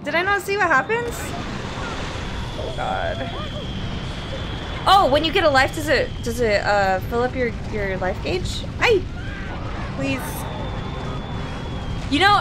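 A fairly high-pitched Australian woman chats casually while live-streaming a platform game, with background noise and game music behind her. She gets excitable as she plays, yelping and laughing at what happens on screen.

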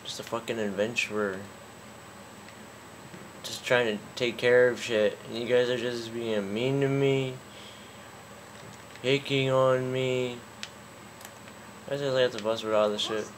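A man's voice: mid-range voice, steady tone, unhurried, pauses often, noisy background. A man commentating a game, cursing constantly and getting angry, with a sore throat. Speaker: gaming YouTuber. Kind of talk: let's play commentary.

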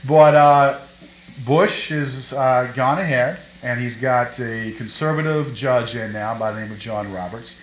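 A man's voice: medium pitch, measured pace, a little hiss or hum. A man hosting a comic talk show, brash and rambling in casual banter. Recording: echoey room.

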